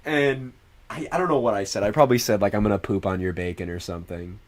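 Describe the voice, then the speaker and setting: A young man talking straight to his livestream chat. He rambles in an animated way, swears freely and stays loose and casual throughout. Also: fairly low pitch, fast.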